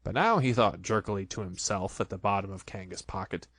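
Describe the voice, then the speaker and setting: A man narrating a children's storybook in an expressive, lively way. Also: low-pitched, fairly quick, no echo.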